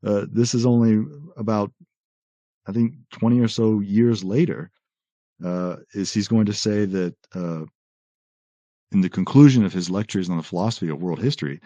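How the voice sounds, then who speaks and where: A man explaining philosophy in a conversational lecture, quoting texts and often pausing on "uh" and "right?". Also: lowish voice, no echo. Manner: animated explainer, quotes texts, frequent "uh" and "right?". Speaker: podcast guest explaining philosophy.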